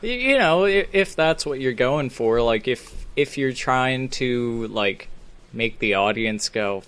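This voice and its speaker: A man co-hosting a casual comedy podcast, making dry crude jokes with halting restarts. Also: mid-range voice, animated, a bit bright, clean tone. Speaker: podcast co-host.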